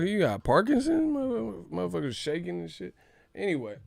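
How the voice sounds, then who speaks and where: A man hosting a casual boxing news livestream, talking in an animated, joking and profane way. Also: high voice, brisk, creaky, dry recording, studio quality.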